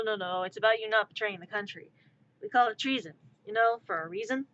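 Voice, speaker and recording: A woman's voice: medium pitch, fast, fairly bright tone, lo-fi sound. A woman streamer in casual live-stream chat, rambling and filling her sentences with "like". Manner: rambling, heavy use of "like".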